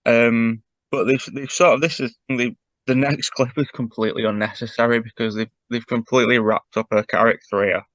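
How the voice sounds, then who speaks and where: A man's voice: mid-range voice, steady tone, a little fast, a bit bright, dry recording, lo-fi sound. A man, co-hosting a podcast in casual chat and analysing a cartoon with many fillers. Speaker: podcast co-host.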